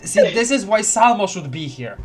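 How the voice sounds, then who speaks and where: A man's voice: sits high, sing-song, moderate pace. A man streaming a story game, reading dialogue aloud with lots of giggles and playful repeated words.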